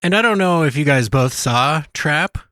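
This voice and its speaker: A man's voice: on the high side, expressive, normal speed, sharp tone, no room sound, clean studio sound. A man co-hosting a casual podcast, enthusiastic and earnest, who often restarts his sentences. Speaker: podcast co-host.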